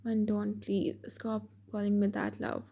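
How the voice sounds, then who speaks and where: A woman voicing a cold young man who pleads softly and apologizes. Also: mid-range voice, completely flat delivery, a little slow, gravelly. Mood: pleading.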